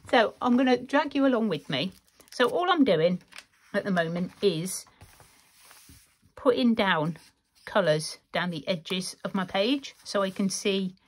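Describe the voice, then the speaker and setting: A woman chatting casually through a craft tutorial, rambling and laughing often as she works. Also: fairly low pitch. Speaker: craft vlogger.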